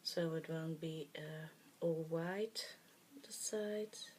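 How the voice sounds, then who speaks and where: A woman's voice: low voice, takes it slowly, a little mellow, slight background noise. A woman whose first language is Dutch, talking through a craft project in a casual, hesitant way with many fillers, muttering to herself as she works. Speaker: craft tutorial host.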